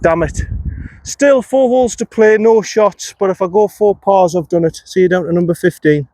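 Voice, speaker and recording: A man with a high voice talks his way round a golf course, chatty and self-addressed, with the odd mild curse. The sound is dry and close, recorded outdoors on a phone. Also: moderate pace, warm tone, no echo. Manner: chatty, talks to himself, frequent mild swearing. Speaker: golf vlogger. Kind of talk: casual on-course commentary. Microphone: phone camera.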